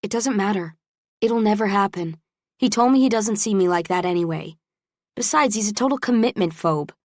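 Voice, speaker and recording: A woman voicing a wary young college woman who defends herself quickly in an audiobook. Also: mid-range voice, no room sound, studio quality, lightly acted.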